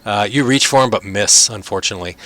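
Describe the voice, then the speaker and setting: A man's voice: lowish voice, sharp tone. A man running a tabletop game as game master, narrating casually with lots of fillers. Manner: easygoing, many fillers, quick voices for figures.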